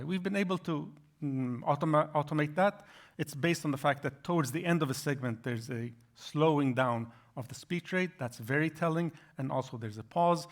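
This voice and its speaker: A man giving an academic lecture, explaining slides in a halting way with frequent restarts. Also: fairly high pitch.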